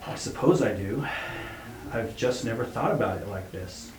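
A man's voice: on the low side, expressive, moderate pace, a little mellow, natural voice. A man playing a desperate pleading father. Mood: stunned. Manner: pleading, crying out. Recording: roomy echo, faint hum.

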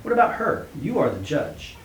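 A man voicing a calm, wise woman who speaks softly and insistently. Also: fairly high pitch, normal speed, voice pushed up. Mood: probing. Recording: roomy echo, faint hum.

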